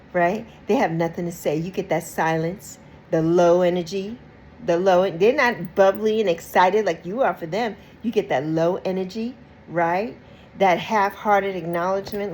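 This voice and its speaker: A woman talks straight to her viewers with a lively, swooping pitch. She hammers her points home by saying them twice and ends many lines with "right?" Faint noise sits under her voice. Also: poor audio. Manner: emphatic, repeats phrases and tags lines with "right?"; expressive, with bursts of laughter and mock quoted voices. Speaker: YouTube host. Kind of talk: casual talk to camera.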